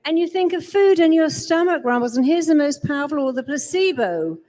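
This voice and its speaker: A woman's voice: high voice, expressive, fairly quick, darkish tone. Emphatic woman speaker on stage. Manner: emphatic, acts out quoted voices. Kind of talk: live seminar talk. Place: large event hall.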